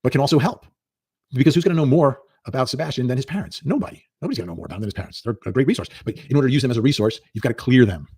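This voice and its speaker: A man's voice: medium pitch, expressive, racing, darkish tone, slightly rough, no room sound, clean studio sound. A man giving earnest, emphatic commentary, repeating key points for stress. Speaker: legal commentator. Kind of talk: clip of commentary played in a stream.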